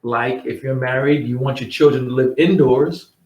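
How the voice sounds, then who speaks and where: Giving insurance advice in a casual talk to camera, this host has a steady, darkish, mid-range voice at a moderate pace. He's blunt, ridicules excuses and says things more than once; the recording is muffled and roomy from a distant mic.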